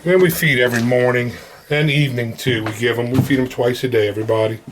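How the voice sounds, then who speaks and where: A man's voice: medium pitch, fast, noisy background. Chatty man among clucking chickens. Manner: relaxed, chatty, talks fondly to the animals. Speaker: homesteader showing his farm. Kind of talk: casual walk-through vlog. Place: outdoors on a farm, in and around a chicken coop. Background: chickens clucking and a rooster.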